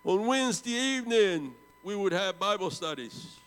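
A man in his seventies preaching a storytelling sermon, swinging from loud bursts down to hushed, low tones. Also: lively intonation, moderate pace, smooth, big-room sound, rough recording. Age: 70s.

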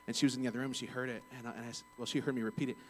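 An earnest man of middle pitch talks through a personal story from his work in customer service. He rambles and restarts his sentences often in a relaxed, casual way, with a faint hum behind him. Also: very fast, poor audio. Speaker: bank customer service rep.

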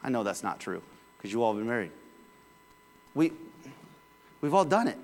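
A man's voice: mid-range voice, big pitch swings, normal speed, slight background noise. Preaching man in a reverberant hall. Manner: conversational preaching with sudden rises in volume. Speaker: pastor. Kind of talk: sermon.

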